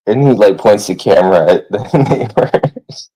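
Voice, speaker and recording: A man's voice: fairly low pitch, expressive, takes it slowly, darkish tone, breathy edge, poor audio. A man telling a story on a casual live stream, laughing constantly as he talks and rambling with a lot of "like" between words. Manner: laughs constantly while talking; rambling, heavy use of "like".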